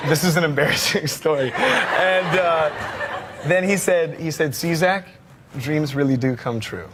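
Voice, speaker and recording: Guy telling a story in an interview, keeps laughing, kinda high voice, noisy recording. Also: unhurried. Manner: animated, laughing, stumbling over words. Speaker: interview guest. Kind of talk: casual storytelling.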